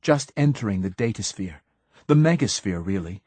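A man reads first-person fiction in a low, husky voice. His urgent, tense delivery builds in dramatic swells. The sound is dry and close-miked. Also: animated, normal speed, warm tone, no room sound. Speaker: audiobook narrator.

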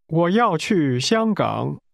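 A man with a gravelly voice modeling phrases for a language course, carefully enunciated. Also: a little high, sing-song, slow, no echo, studio quality. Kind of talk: slow model pronunciation.

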